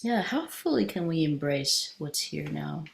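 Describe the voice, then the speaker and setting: A woman teacher gives a dharma talk in a relaxed, meandering way, often circling back and restarting her sentences. Her voice sits low and carries a gravelly fry. She speaks as if telling a story to a room of students. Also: measured pace. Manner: conversational, meandering, with frequent restarts. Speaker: meditation teacher.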